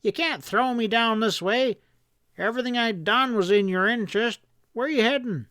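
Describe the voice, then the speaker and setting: A man voicing a cowardly, scheming outlaw in a western audiobook, with a high, whining, pleading voice. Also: normal speed, sharp tone, no echo, clean studio sound.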